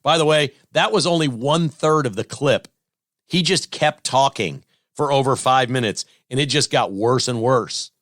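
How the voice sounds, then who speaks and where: A man hosts a sports talk show and delivers blunt, scolding, sarcastic commentary. His voice sits at a middle pitch and sounds dry and close to the mic. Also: normal speed, fairly bright tone, no echo.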